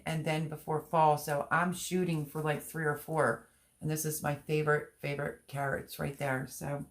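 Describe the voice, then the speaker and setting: A woman's voice: low-pitched, a bit bright. A woman hosting a gardening live stream. She chats casually and rambles, showing seed packets and answering viewer comments as she goes. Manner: reads viewer comments aloud and answers them. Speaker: gardening channel host.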